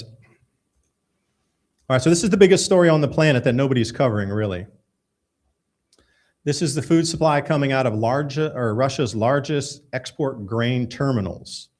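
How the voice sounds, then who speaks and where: A man's voice: medium pitch, moderate pace, darkish tone. Casual emphatic male radio host. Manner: casual, emphatic, talking while pulling up articles. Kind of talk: live radio show commentary.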